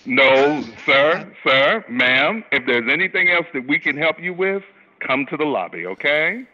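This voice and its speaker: A man with a deep, loud voice working a hotel front desk, answering a phone call in a firm, formal way and saying sir and ma'am a lot. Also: expressive, measured pace, slight background noise. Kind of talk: phone conversation. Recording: dull lo-fi phone line.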